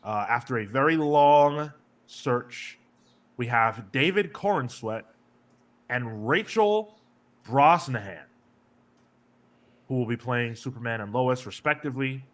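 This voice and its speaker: A man's voice: medium pitch, slow, pauses often. A man hosting a casual comics podcast, joking and reading out listener comments. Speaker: podcast host. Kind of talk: casual chat.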